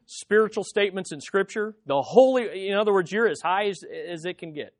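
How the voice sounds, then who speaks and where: A man preaching a sermon as pastor, swinging between loud emphatic peaks and quiet low phrases, repeating words for emphasis. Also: lively intonation, brisk, hardly any pauses, no room sound, studio quality. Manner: preaching with wide swings in loudness and pitch.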